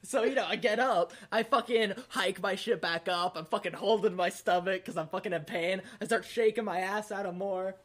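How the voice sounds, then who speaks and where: A man's voice: sits high, moderate pace, hardly any pauses, a bit bright. A young man casually telling a rambling, profane party story on a podcast, laughing often. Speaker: podcast host.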